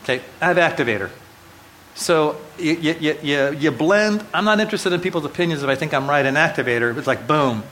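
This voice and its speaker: A man's voice: a little high, lively intonation, a little fast, fairly bright tone, a little hiss or hum, rough recording. A middle-aged man preaching a sermon to a live audience, telling personal stories in a casual way with self-deprecating jokes and asides to the listeners. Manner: conversational storytelling with self-deprecating humor; frequent restarts and asides to the audience. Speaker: pastor. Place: church hall before a live audience.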